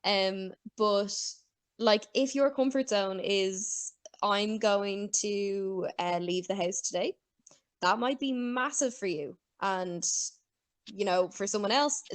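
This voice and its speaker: Irish woman podcast host, loose chatty talk, swears and laughs a lot, medium pitch. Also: slow. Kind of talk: casual chat.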